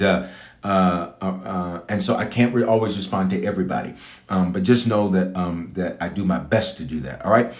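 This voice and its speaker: A man's voice: mid-range voice, roomy sound. A man preaching a sermon as a bishop, teaching and praying and repeating phrases for emphasis. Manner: animated preaching, repeats phrases for emphasis, talks to online viewers. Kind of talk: live-streamed sermon and prayer.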